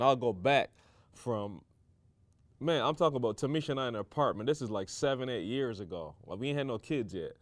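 A man's voice: mid-range voice, animated, a little fast, no echo. A man from the Caribbean co-hosting a podcast, telling stories in casual chat with many "like"s. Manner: storytelling, restarts with "like". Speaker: podcast co-host.

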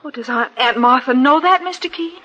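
A woman's voice: sits high, brisk, fairly bright tone, dull audio. An actress playing an anxious, grateful married woman in a 1950s radio drama.

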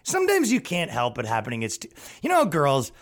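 A man hosting a podcast, ranting in a crude, sarcastic way and mocking others, swinging between loud outbursts and low asides. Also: huge pitch swings, quick pace, vocal fry. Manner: profane, sarcastic, mocking, with put-on voices for others. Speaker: podcast host and stand-up comedian. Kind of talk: casual ranting monologue.

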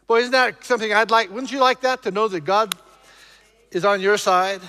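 A male pastor preaching emphatically to his congregation, shifting between loud exhortation and low, intense passages. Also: fairly even intonation, moderate pace, clean tone, long reverb tail. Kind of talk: preaching a sermon.

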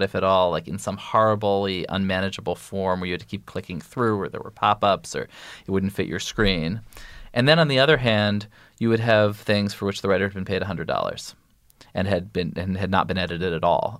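A man's voice: low voice, no echo, clean studio sound. A man talking as an interview guest in a podcast, rambling and restarting his sentences as he explains things at length. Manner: rambling, self-interrupting, animated storytelling. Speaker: guest, news editor.

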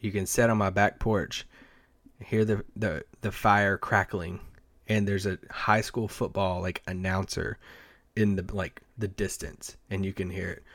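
A man's voice: deep voice, level tone, measured pace, fairly bright tone, no room sound. A man co-hosting a casual sports podcast, telling loose, rambling stories with lots of fillers and restarts. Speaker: podcast co-host, team site editor. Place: Dallas area.

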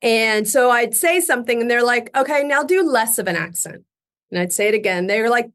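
A woman's voice: on the high side, lively intonation, normal speed, fairly bright tone. A middle-aged woman, a guest actress in a casual interview, telling stories and laughing often.

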